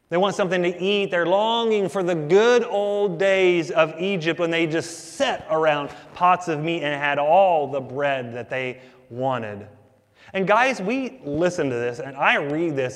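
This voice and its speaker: Man preaching in a reverberant church hall. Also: on the high side. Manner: preacherly, addresses listeners as guys, asks rhetorical questions. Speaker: pastor. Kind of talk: sermon. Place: church sanctuary.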